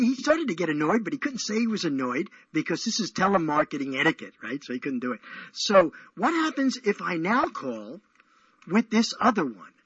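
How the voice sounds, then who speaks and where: Hosting a call-in radio show, this man sounds a little high, a bit bright and husky, with no echo. His talk is playful, rambling and teasing in a casual way, carried over dull, lo-fi radio audio.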